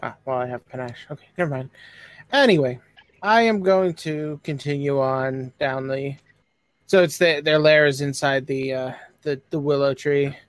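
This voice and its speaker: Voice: mid-range voice, normal speed, dry recording. Hesitant tabletop player on a headset. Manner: hesitant, self-correcting. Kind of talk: casual tabletop chat. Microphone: headphones with mic.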